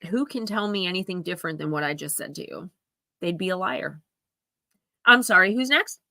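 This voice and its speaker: A woman's voice: on the low side, lively intonation, moderate pace, gravelly, bright, forceful tone, no room sound, studio quality. A woman hosting a live oracle card reading, giving earnest, emphatic advice straight to her viewers. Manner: earnest, emphatic, confiding, speaks to viewers directly.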